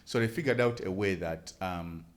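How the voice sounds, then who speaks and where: A man's voice: sits low, normal speed. A man with a Ugandan accent, a guest musician and comedian telling stories in casual chat, slipping local phrases in. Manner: animated storyteller, mixes in local phrases.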